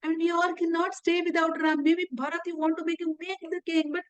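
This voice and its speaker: A woman's voice: very high-pitched, level tone, fairly quick, no room sound, dull audio, pitched above the performer's own voice. A woman voicing a grieving old king who begs his queen in a retold epic. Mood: pleading. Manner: pleading, repeating words.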